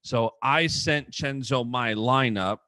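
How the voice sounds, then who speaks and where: A man co-hosting a podcast in casual sports chat, talking quickly with lots of "like" and restarts. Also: medium pitch, no echo. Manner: quick, animated, full of "like" and restarts. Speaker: podcast co-host. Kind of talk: casual chat about wrestling.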